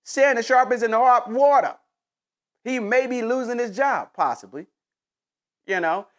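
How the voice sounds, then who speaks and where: A man commentating in a casual, slangy rant to camera, mocking and emphatic. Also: high-pitched.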